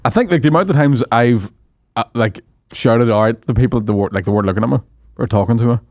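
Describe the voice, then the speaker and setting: A man's voice: medium pitch, fast talker, darkish tone, no echo. Sweary man telling stories. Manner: laughing, sweary, rambling anecdotes. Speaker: comedian guest. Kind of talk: casual chat, storytelling.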